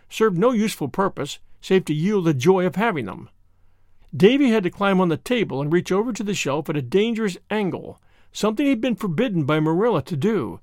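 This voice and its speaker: A man narrating a classic novel in an expressive, measured storybook reading. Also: sits high, no echo, clean studio sound.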